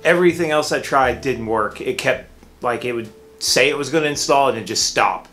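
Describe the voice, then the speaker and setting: A man of middle pitch vents to camera in a loose, rambling vlog monologue, doubling back and restarting his sentences as his exasperation shows. He records indoors under a beauty light, with faint music running underneath. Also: normal speed, a bit bright. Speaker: vlogger and art teacher.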